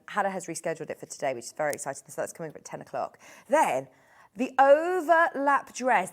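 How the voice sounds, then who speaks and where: A middle-aged woman with a medium-pitched voice hosts a live TV shopping show from a studio, chatty and enthusiastic as she gushes over products.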